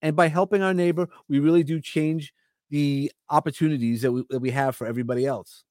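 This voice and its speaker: Earnest New York man, high voice. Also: steady tone, brisk, a little mellow, dry recording, clean studio sound. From Long Island, New York. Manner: earnest, motivational, rambling. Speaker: guest. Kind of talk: casual chat.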